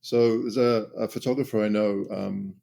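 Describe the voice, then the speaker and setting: A man's voice: lowish voice, steady tone, moderate pace, gravelly, warm tone. A man appearing as a podcast guest, telling a story hesitantly and laughing at it. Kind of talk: casual chat.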